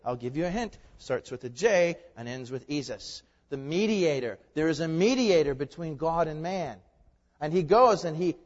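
A man with a high voice preaches a sermon and keeps putting rhetorical questions to his listeners. He swings from loud emphasis to quiet, confiding asides. His voice rings through a hall with long reverb, and the recording sounds dull and lo-fi. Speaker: pastor. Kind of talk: expository sermon.

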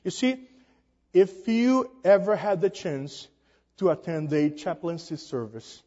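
A man preaches with a high voice, emphatic and prone to halting fillers. His voice climbs on each rhetorical question. The recording is dull and sits in long hall reverb. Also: expressive, mellow. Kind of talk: sermon.

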